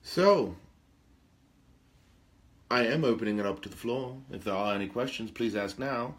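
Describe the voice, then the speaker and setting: A man's voice: medium pitch, expressive, moderate pace, lightly acted. A man playing a pompous, theatrical aristocratic male vampire lord who hosts a talk show, with grandiloquent speech and gossipy asides. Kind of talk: in-character role-play talk show.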